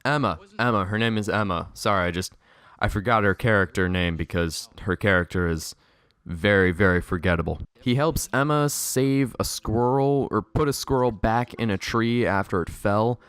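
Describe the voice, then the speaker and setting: A man's voice: fairly low pitch, moderate pace, fairly bright tone, smooth, dry recording. A young man reviewing a movie in a sarcastic, exasperated rant, swearing often. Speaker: video reviewer.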